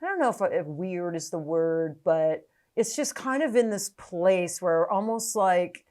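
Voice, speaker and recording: A woman hosting a casual podcast conversation, effusive and quick to laugh. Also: on the low side, lively intonation, darkish tone. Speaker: podcast host.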